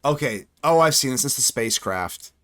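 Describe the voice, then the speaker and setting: Male streamer, live gameplay commentary, very animated delivery, talks to himself as he plays. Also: mid-range voice, normal speed. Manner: chatty, excitable, thinks aloud, swings from playful to worried. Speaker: card game streamer and channel host.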